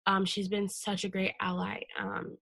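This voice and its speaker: A woman's voice: medium pitch, monotone, normal speed, vocal fry, fairly bright tone, no room sound. A young woman in her twenties, a podcast guest, telling an emotional personal story in casual conversation, earnest and full of fillers.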